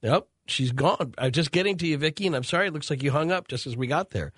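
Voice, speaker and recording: Male call-in radio host, slightly husky, measured delivery, dry studio sound. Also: a little high, fairly bright tone, dry recording. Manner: measured, takes calls and sums up stories. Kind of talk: hosting a call-in radio show.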